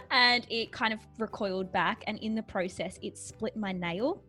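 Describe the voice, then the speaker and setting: A woman's voice: medium pitch, normal speed, sharp tone, soft background music. A young woman co-hosting a podcast, telling stories in a chatty, self-mocking way and laughing often. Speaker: podcast co-host. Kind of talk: casual chat.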